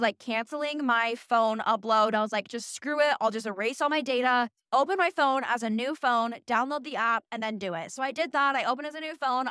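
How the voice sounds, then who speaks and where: A woman in her early twenties, hosting a podcast, tells a story in a casual, animated, profane and self-mocking way. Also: on the high side, clean tone, no room sound, studio quality. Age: early 20s. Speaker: podcast host.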